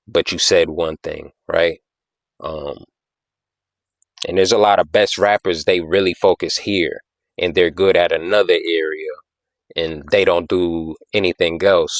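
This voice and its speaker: A man's voice: low-pitched, dry recording. A man hosting a podcast, talking casually and explaining things, often repeating himself and asking "you know what I'm saying?". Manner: taps out rhythms with "da da da". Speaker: podcast host.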